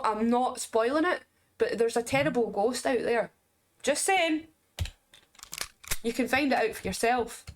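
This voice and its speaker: Scottish woman, game reviewer, slightly high voice, chatty commentary with jokey asides. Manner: chatty, explaining as she plays, quick asides and jokes. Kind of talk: casual gameplay commentary.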